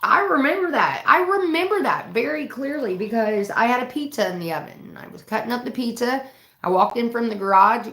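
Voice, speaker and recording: A woman's voice: fairly high pitch, a bit bright, echoey room. A woman chatting casually on a livestream from home, rambling and swearing freely. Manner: profane, rambling storytelling. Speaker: live streamer.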